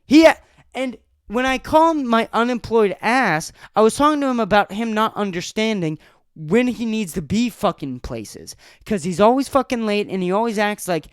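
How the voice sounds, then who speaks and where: A man's voice: high-pitched, lively intonation, normal speed, smooth, dry recording, clean studio sound. A young man hosting a solo podcast, telling an angry, profanity-filled story about a friend. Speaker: podcast host.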